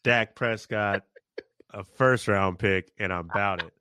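A man's voice: on the low side, unhurried, bright, forceful tone, smooth, dry recording, clean studio sound. A man co-hosting a casual sports podcast, blunt and opinionated in his takes. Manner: blunt, opinionated, laughs often. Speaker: podcast co-host.

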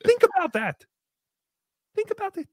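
A woman's voice: very high-pitched, big pitch swings, normal speed, a little mellow, no echo, clean studio sound. A woman hosting a podcast, giving sarcastic, theatrical commentary on a comedy roast. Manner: sarcastic, theatrical, slips into mocking voices. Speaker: podcast host.

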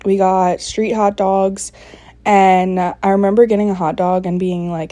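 A woman in her early twenties hosting a podcast. She tells a story in a chatty, excitable way and fills her talk with lots of "like". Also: mid-range voice, a little slow, dry recording. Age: early 20s. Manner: chatty, filler-heavy, excitable. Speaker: podcast host. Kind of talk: casual storytelling recap.

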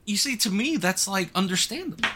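A man co-hosting a casual podcast chat, animated and laughing often. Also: sits high, fairly quick, background noise. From United States. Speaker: podcast co-host.

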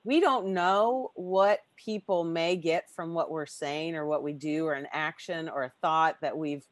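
Woman hosting a podcast, lower voice, goes on and on, dry close mic. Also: measured pace, no echo. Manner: rambling, emotional, lists lots of questions. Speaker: podcast host. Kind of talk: casual podcast chat.

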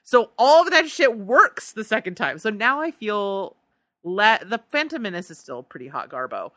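A woman's voice: medium pitch, big pitch swings, normal speed, pushed and bright, no room sound, clean studio sound. A woman co-hosting a podcast in casual chat, reading listener answers aloud and laughing often. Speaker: podcast co-host.

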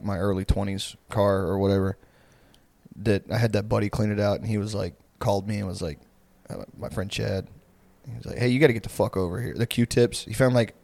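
A man's voice: on the low side, little pitch movement, a little fast, vocal fry, a little mellow, dry recording. A man in his twenties co-hosting a podcast, telling long profane stories in a rambling, casual way with lots of fillers. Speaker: podcast co-host. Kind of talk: casual chat.

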